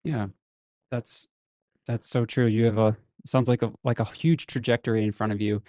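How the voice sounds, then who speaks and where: A man's voice: medium pitch, fairly even intonation, moderate pace, mellow, dry recording, clean studio sound. A man hosting an interview, asking thoughtful, probing questions. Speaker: interview host.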